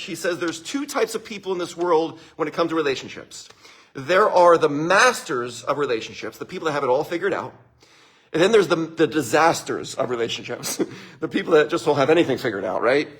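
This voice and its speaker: A man giving a relationship talk to a live audience. His voice sits a little high and a bit husky, with a lively, swinging delivery. He laughs often and keeps checking in with his listeners. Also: fairly quick. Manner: animated, laughs often, addresses listeners directly. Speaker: speaker presenting relationship advice.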